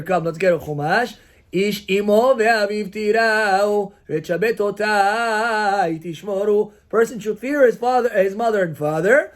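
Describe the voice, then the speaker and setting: Male rabbi, high voice; lively Torah class, acts out dialogue, peppers English with Hebrew terms. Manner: animated teaching, acting out quoted dialogue, rhetorical questions; mixes Hebrew and Yiddish-style terms into English.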